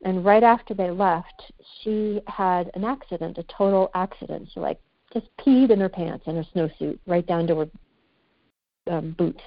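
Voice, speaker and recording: A lowish-voiced woman, speaking at a moderate pace, talks candidly and thoughtfully on a podcast, feeling her way toward her words. The casual chat is captured dry, muffled and lo-fi, without room sound.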